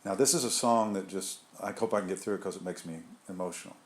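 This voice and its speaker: A group leader with a somewhat low voice talks fast while taking a small group through an informal spiritual talk. Loose and conversational, he rambles, doubling back and tossing in asides.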